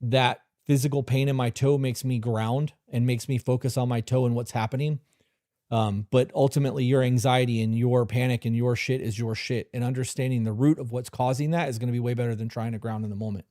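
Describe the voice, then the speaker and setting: A man's voice: medium pitch, fairly even intonation, fairly quick, dark tone, no echo, studio quality. Blunt, profane man giving relationship advice. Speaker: host. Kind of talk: live stream talk and chat replies.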